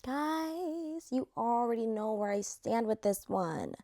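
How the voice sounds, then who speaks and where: A young woman talks casually straight to her viewers, ranking reality show contestants. Her talk is loose and slangy and full of fillers. Her voice sits a little high. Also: animated, slow, dark tone. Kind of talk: casual chat to camera.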